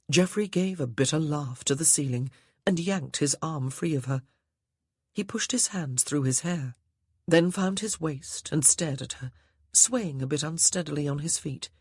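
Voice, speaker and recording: A man narrating a historical romance audiobook in a measured, even storytelling manner. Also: fairly high pitch, husky, dry recording, clean studio sound. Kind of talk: scripted narration.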